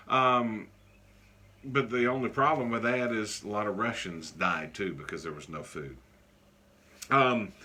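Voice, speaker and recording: A male teacher giving a casual classroom lecture, joking often and pausing on many fillers. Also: mid-range voice, sharp tone.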